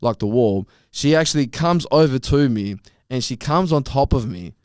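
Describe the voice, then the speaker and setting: A young man telling a story on a podcast, animated and swearing freely. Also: mid-range voice, normal speed, clear, resonant tone, dry recording, studio quality. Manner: animated, swears freely, acts out quoted lines. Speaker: podcast guest. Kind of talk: casual storytelling chat.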